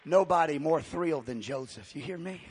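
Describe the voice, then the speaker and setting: A man preaching a dramatic sermon, telling a story and acting out the quotes, swinging from shouts down to hushed tones. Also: a little high, lively intonation, moderate pace, husky.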